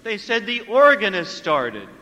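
A priest preaching a sermon, telling a story with lively acted-out dialogue and hushed asides. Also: male voice, high voice, measured pace, big-room sound, muffled recording. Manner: animated storyteller acting out dialogue, dropping to hushed tones.

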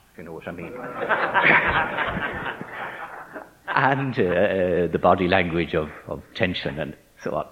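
A man with a low voice delivers a reflective faith talk, measured and emphatic, drawing out important words. His intonation rises and falls widely as he moves between argument and story. The recording is dull and lo-fi, with a long hall reverb behind him. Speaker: speaker addressing ministers.

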